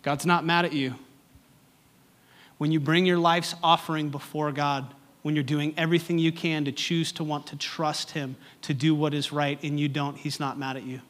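A man's voice: a little high, flat delivery, normal speed. Man preaching with rising intensity. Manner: builds from quiet reflection to rising, impassioned exhortation; repetitive, rhythmic preaching cadence. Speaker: pastor. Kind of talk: sermon.

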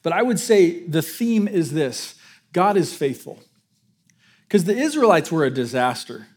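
A man's voice: a little high, very animated, unhurried, darkish tone. A man preaching a sermon to his congregation in a conversational way, joking with them and restarting his sentences. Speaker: pastor.

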